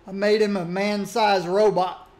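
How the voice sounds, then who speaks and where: Man, gamer, relaxed, reminiscing, high voice, unhurried. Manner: relaxed, reminiscing, musing aloud. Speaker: gaming streamer. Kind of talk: casual commentary while playing.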